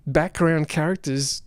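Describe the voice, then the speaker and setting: A man's voice: on the high side, slow pace, vocal fry. Man rambling through an off-the-cuff review. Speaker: film reviewer. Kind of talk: unrehearsed spoken film review.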